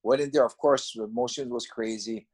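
A man casually recounting how he started fighting, in a reflective, halting, conversational way. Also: medium pitch, steady tone, darkish tone, slightly rough. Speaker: former fighter recounting his career. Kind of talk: casual storytelling.

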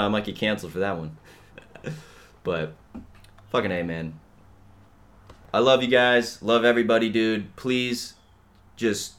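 A young man delivers a casual, profane ranting monologue that rambles freely and is heavy on "dude" and "bro." He shifts back and forth between low mutters and loud outbursts.

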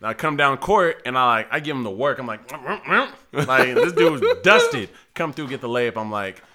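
A man talking casually with friends on a podcast, full of cursing and "like." His voice is bright and swings widely in pitch. He tells stories with loose energy. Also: moderate pace. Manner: animated storytelling, lots of "like" and cursing. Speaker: podcast co-host. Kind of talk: casual chat.

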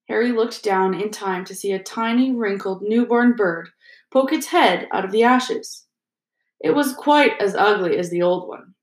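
A woman's voice: mid-range voice, a little slow. Woman reading a storybook aloud, echoey. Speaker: audiobook reader. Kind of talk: scripted narration.

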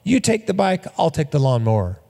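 A man's voice: on the high side, big pitch swings, fairly quick, creaky, mellow, long reverb tail, full character voice. A man voicing a prim male pastor who stammers when flustered. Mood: kindly.

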